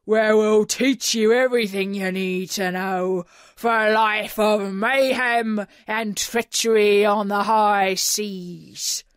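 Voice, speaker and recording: A woman voicing a tall, menacing pirate captain with a booming, theatrical delivery in a children's storybook reading. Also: steady tone, takes it slowly, few pauses, no room sound, clean studio sound, natural voice. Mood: booming menace.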